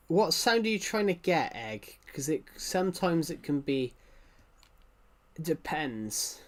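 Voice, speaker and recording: A man's voice: fairly high pitch, very animated, slow pace. A young man chatting casually with viewers during a game live stream, rambling and often correcting himself. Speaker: livestreamer.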